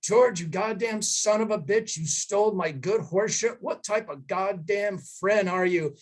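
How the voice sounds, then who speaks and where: A furious older man sputters curses at his neighbor, stern and raw, as a man puts him on in a told story. The voice sits higher than a plain speaking voice. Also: normal speed, slightly rough. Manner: swearing, stern.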